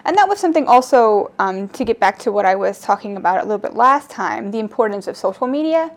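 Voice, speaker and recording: Measured woman recalling events, Midwestern. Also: mid-range voice, big pitch swings. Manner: reflective, measured, with frequent ums and restarts. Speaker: interviewee recounting events. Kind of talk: oral history interview.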